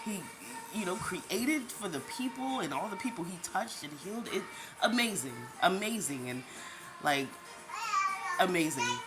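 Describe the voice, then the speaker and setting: Woman, low-pitched, vlog testimony, earnest and tearful, music bed clearly audible. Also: expressive, normal speed. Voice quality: tearful, emotional, repeats herself. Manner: talks straight to viewers, addresses them as "y'all". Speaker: vlogger sharing a faith testimony. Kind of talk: emotional personal testimony. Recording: background music under the voice.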